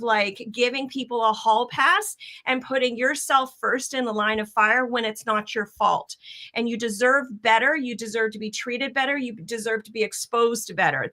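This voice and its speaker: A Canadian woman speaks on a panel in a raised, bright voice. She talks earnestly and loops back over her own phrases. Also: on the high side. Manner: earnest, rambling, repeats phrases. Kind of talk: casual panel chat.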